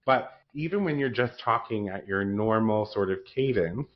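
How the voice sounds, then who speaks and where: A man from the East Coast hosting a casual podcast interview, praising his guest warmly and often. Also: lowish voice, animated, moderate pace, highs cut off. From East Coast of North America. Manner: effusive, enthusiastic praise. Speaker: podcast host.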